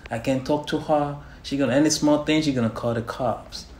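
A man's voice: on the high side, fairly even intonation, a little fast, a little mellow, reverberant, slight background noise. A man, a guest on the show, talking bluntly and swearing. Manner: blunt, profane. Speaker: guest testing his girlfriend.

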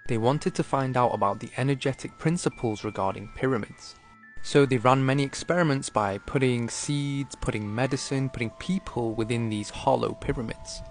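A man's voice: mid-range voice, moderate pace. A man hosting a video, narrating in a casual, conversational explainer style with rhetorical asides, faint music behind him.

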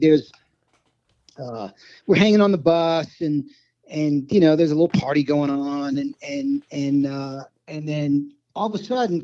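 A man in a casual chat recounts road stories in a rambling way, full of restarts. His voice sits a little high but sounds dark and mellow. The sound is dull and lo-fi, with a dry, close feel. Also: no room sound. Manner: rambling anecdotes with many restarts. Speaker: guest, former band road manager. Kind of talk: casual storytelling in conversation.

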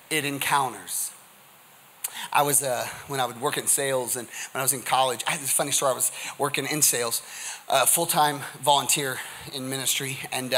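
A man preaching a humorous, energetic sermon as pastor, with call-and-response asides to the congregation. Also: medium pitch. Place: church sanctuary.

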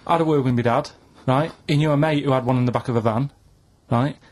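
A man, a radio show regular, telling a rambling story in a deadpan way during casual studio banter. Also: mid-range voice, fast talker.

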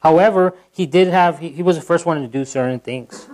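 A man's voice: fairly high pitch, fairly quick, low-quality recording. Conversational man preaching a sermon. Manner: conversational, with frequent restarts and asides to the congregation; animated, acting out quotes in a livelier voice. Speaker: pastor. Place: church.

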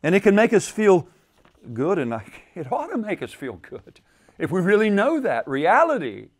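A male pastor delivers a sermon with a fairly high voice. He repeats key phrases and lets his delivery drop to a hush before rising again for emphasis. The setting is a retreat gathering. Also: huge pitch swings, normal speed. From United States. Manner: repeats phrases, rises and falls in pitch and volume for emphasis. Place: church at a men's retreat.

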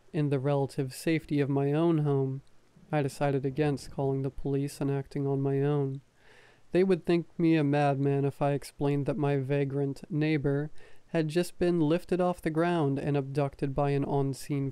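A man reading a first-person horror story in a soft, slow ASMR style, close to the microphone. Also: on the high side, clean tone, dry recording. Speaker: story narrator.

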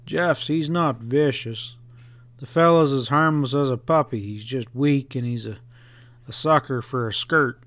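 A man voicing a tall, proud young male railroad engineer in an audiobook, terse and quick to bristle. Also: medium pitch, a bit bright, dry recording, lightly acted. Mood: explaining. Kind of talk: audiobook character reading.

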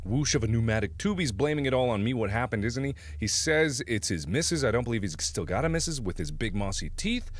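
A man's voice: mid-range voice, fairly quick, hardly any pauses. A man hosting casual gameplay commentary, joking and laughing often. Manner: animated, jokey, laughs often. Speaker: let's-play host.

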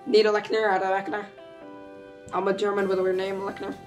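A woman giving casual, excitable commentary as she opens card packs, calling out reveals and laughing often. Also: mid-range voice, a little fast. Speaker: gaming YouTuber. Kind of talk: casual pack-opening commentary. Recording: faint background music.

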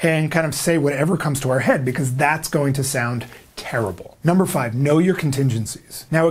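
Man, sales trainer, instructional talk, animated, emphatic, slightly husky. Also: on the high side. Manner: energetic, emphatic, acts out prospects' lines.

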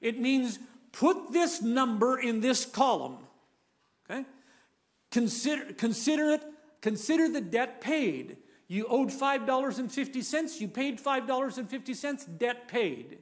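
A man's voice: very high voice, animated, unhurried. A man preaching a sermon, emphatic and repetitive, leading the listeners to say lines back with him. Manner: emphatic, repeats key phrases, leads the audience in repeating lines.

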